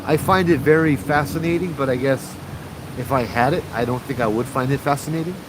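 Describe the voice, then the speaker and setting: A man's voice: medium pitch, brisk, noisy background. A man with a Hawaiian Pidgin accent hosting a casual livestream, telling stories and reading out viewer comments. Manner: chatty, reads viewer comments aloud, frequent "right?". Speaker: paranormal show host.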